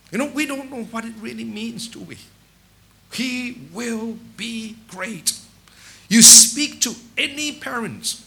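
A man's voice: high voice, vocal fry. A middle-aged man preaching a sermon, telling stories with rhetorical questions and restarting phrases by repeating words. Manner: animated storytelling with rhetorical questions.

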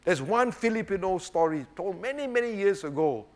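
A man's voice: high-pitched, animated, normal speed, darkish tone. A man preaching a sermon, emphatic and rhetorical, often checking with his listeners. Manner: emphatic, rhetorical, keeps asking "right?" and saying "obviously".

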